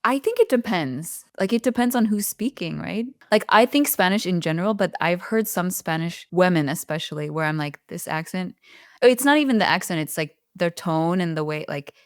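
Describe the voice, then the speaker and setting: A woman's voice: lowish voice, expressive, normal speed, no room sound, clean studio sound. A woman from the United States co-hosting a podcast in casual chat, laughing often and peppering her speech with "like.". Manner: chatty, laughs often, lots of "like". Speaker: podcast co-host.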